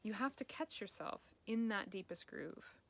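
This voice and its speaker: Lady life coach talking to camera, kind and encouraging, bit of vocal fry, mid pitch. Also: animated, moderate pace. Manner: gentle, encouraging, speaks directly to the viewer. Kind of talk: self-help advice video.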